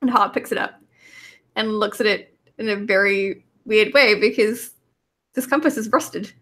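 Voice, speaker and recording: A woman's voice: medium pitch, a little slow, a bit bright. A woman narrating her character's scenes in a tabletop role-playing game, casual and rambling. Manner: casual, rambling, many fillers.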